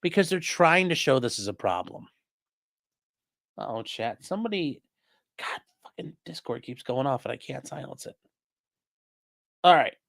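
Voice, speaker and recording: A man's voice: mid-range voice, very animated, normal speed, vocal fry, pauses often, a bit bright. A man hosting a casual live stream, reading a document aloud and rambling to his chat with crude jokes and swearing. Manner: rambling, profane, jokey asides to chat. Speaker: livestream host.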